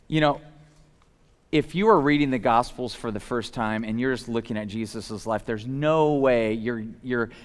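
Full of casual fillers, this animated sermon from a male preacher alternates between booming, emphatic outbursts and hushed, low remarks. He speaks a little slowly, and a long hall reverb fills the recording.

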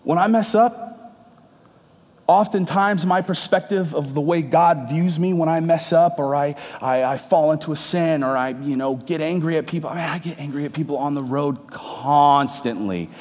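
This man's voice is fairly high and a little mellow, moving at a normal speed. He's a pastor in his thirties giving a sermon in a church hall, chatting and trading jokes with the congregation while the hall echoes around him.

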